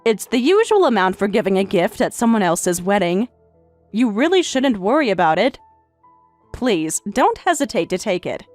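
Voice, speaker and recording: Calm, detached middle-aged stepmother voiced by a woman. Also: mid-range voice, normal speed, dry recording, soft background music, lightly acted. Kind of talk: story narration with voiced roles.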